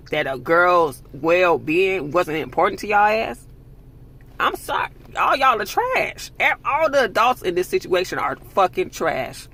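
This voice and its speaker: Brief: heated man vlogger, raspy and gravelly, slightly high voice, cursing rant. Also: fairly bright tone. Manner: angry, profane, emphatic ranting. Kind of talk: heated commentary monologue.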